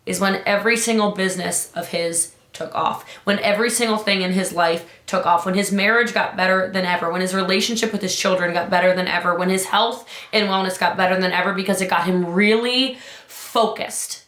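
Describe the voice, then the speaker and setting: Emphatic woman coach with a bright voice. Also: steady tone, brisk, reverberant. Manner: emphatic, urgent, rises high on key points. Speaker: business coach. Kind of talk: motivational talk.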